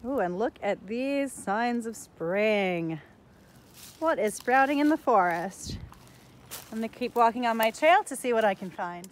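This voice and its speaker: A woman's voice: fairly high pitch, animated, a little slow, a little hiss or hum. A woman giving an outdoor nature lesson to children on a forest trail. She asks the viewers curious questions, recorded on a handheld phone. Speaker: teacher.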